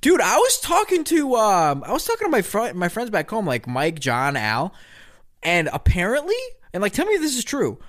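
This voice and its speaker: A young man co-hosting a casual podcast chat, rambling with lots of fillers and bursting into high laughs. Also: huge pitch swings, moderate pace, a bit bright. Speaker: podcast co-host.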